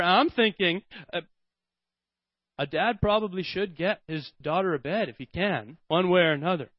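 A man in his thirties delivers a sermon with a notably high voice, drifting into playful family anecdotes and putting on his children's excited voices. The recording is dry and close, with a slightly dull, lo-fi tone. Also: moderate pace, dry recording. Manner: animated storytelling, acts out his kids' voices. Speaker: pastor.

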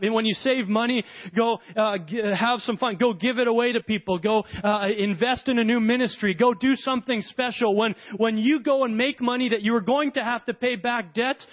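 A man's voice: high-pitched, muffled recording. A man preaching a sermon in a conversational way, acting out the characters of a parable as he retells it.

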